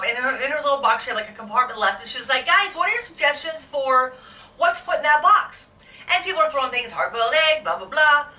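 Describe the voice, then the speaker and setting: Heated high-voiced woman ranting. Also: roomy sound, recorded from a distance, poor audio. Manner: heated, emotional, animated rant. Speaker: vlogger. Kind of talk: angry unedited vlog rant.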